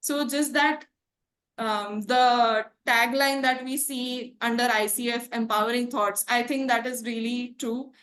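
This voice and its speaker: A young woman from India speaks in a slightly high voice, earnest and thoughtful. She tells her experience as a reflective testimonial, pausing often with small fillers. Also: fairly even intonation, a bit bright. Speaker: coaching course graduate giving a testimonial.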